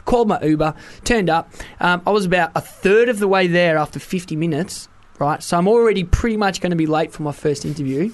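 High-voiced, animated man. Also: a little fast, hardly any pauses. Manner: animated storyteller, voice leaps up when indignant. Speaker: radio co-host. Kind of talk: casual radio chat. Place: radio studio.

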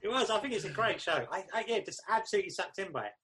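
A male host in casual chat, asking quick quiz-style questions. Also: sits high, animated, fairly bright tone.

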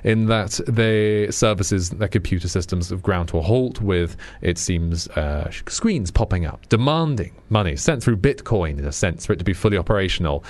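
A man's voice: low-pitched, animated, normal speed, hardly any pauses, a little mellow, no room sound. A man hosting a political radio show, talking in a chatty, wry way with many fillers and restarts. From Britain. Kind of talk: radio monologue on current affairs.

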